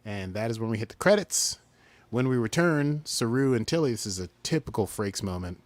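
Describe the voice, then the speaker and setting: A man's voice: fairly low pitch, animated, brisk, dry recording. A man co-hosting a podcast, chatting casually as he recaps a story and mimics the characters. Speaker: podcast co-host.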